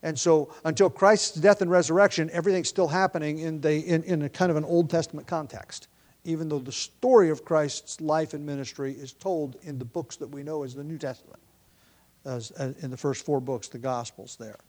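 A man's voice: fairly high pitch, steady tone, brisk. A man preaching a sermon as pastor, thinking aloud with frequent fillers and restarts. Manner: prays in a hushed, quieter voice.

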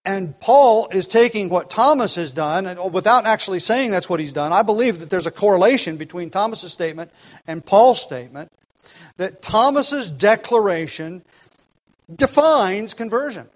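A man preaching an expository sermon in a slightly raised voice. He talks earnestly and with emphasis, often restarting phrases. He slows right down to stress key lines. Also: high voice, expressive, low-quality recording. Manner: earnest, emphatic, with frequent restarts and varied pace.

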